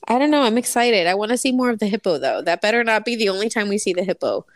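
A woman's voice: medium pitch, expressive, fast talker, no room sound. A woman co-hosting a casual podcast, ranting with sarcasm and heavy swearing. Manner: profane, sarcastic ranting with frequent laughter. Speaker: podcast co-host.

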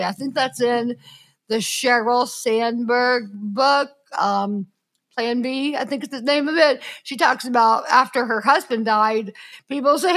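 A woman's voice: fairly high pitch, unhurried, fairly bright tone. A woman hosting a podcast, talking earnestly and emphatically in casual conversation, often acting out what people said. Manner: earnest, emphatic, acts out quoted speech. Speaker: podcast host.

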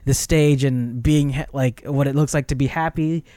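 In a casual film review chat, a podcast co-host walks through a movie scene by scene, rambling and animated with heavy use of fillers. He has a medium-pitched voice at normal speed, in clean studio sound with no room sound.

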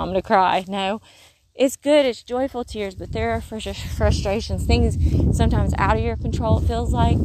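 A woman giving casual spiritual encouragement while walking outdoors in the countryside, earnest and rambling, with soft whispered asides. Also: mid-range voice, heavy background noise. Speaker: faith vlogger.

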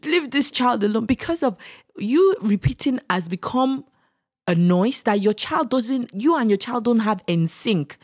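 A woman's voice: a little high, expressive, unhurried, darkish tone, no echo. Earnest woman, dry close sound. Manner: earnest, emphatic, repeats points for stress. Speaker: parenting guest. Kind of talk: casual podcast discussion.

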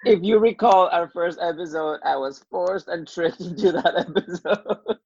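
A podcast co-host in casual chat with a calm, dryly joking manner. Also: medium pitch, normal speed, gravelly, husky. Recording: dry, lo-fi sound.

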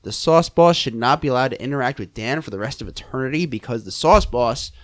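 A man co-hosting a podcast, stammering in a mock-formal, animated way. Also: mid-range voice, fairly quick. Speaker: podcast co-host. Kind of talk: casual podcast banter.

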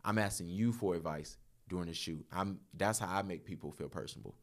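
A man in his thirties, a podcast guest, telling laughing, animated stories in casual chat. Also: low voice, a little fast. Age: 30s.

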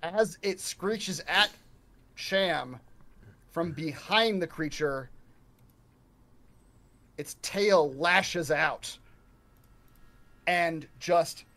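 A man with a high voice narrates a tabletop horror game as game master. He describes each scene in a halting, filler-heavy way as he thinks it through. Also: bright, forceful tone.

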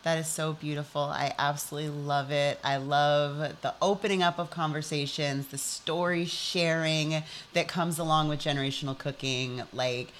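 A woman's voice: sits low, a little hiss or hum. A woman hosting a podcast interview, effusive and encouraging, who says "y'all" to her listeners. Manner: warm, effusive, drawls "y'all". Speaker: podcast host. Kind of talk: casual interview chat.

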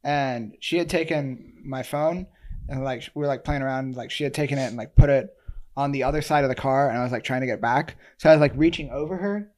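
A man's voice: medium pitch, fairly quick, darkish tone. A man chatting casually as a podcast co-host, telling a funny story and laughing often as he acts out what people said.

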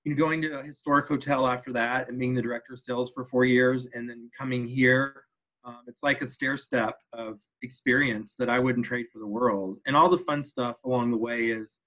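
A man in casual interview chat, an animated storyteller who laughs often and mimics voices while recalling work days. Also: mid-range voice, brisk, poor audio. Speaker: hotel sales leader, podcast guest.

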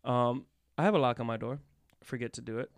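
A man tells a rambling, laugh-filled story in relaxed podcast banter. His voice sits at an ordinary middle pitch and is caught close on a dry studio microphone. He swears casually as he goes. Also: brisk, dry recording. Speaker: podcast host.

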